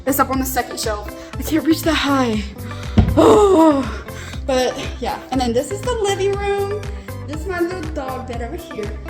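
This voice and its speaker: A young woman giving an excited, gushing tour of her new mobile home, filming on a handheld phone. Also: sits high, normal speed, over music. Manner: gushing, excited, lots of fillers and swearing. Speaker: vlogger giving a house tour. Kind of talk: casual house tour narration.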